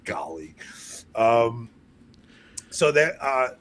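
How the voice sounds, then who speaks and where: A man's voice: medium pitch, expressive, moderate pace, a bit bright, slight background noise. A young man co-hosting a podcast in casual chat, rambling and self-mocking with frequent laughs. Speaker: podcast co-host.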